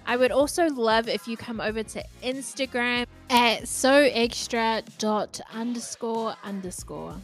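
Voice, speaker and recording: A woman's voice: fairly high pitch, a little slow, few pauses. A woman hosting a podcast, reading an upbeat, bubbly outro. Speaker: podcast host. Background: faint music.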